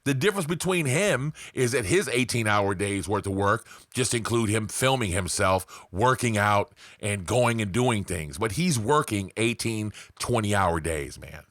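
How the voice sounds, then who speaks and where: A man's voice: on the low side, animated, measured pace, hardly any pauses, a bit bright, no room sound, clean studio sound. A man vlogging to his viewers in a casual motivational rant, emphatic and profane, peppered with "man" and "right". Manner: fillers like "man" and "right", rambling.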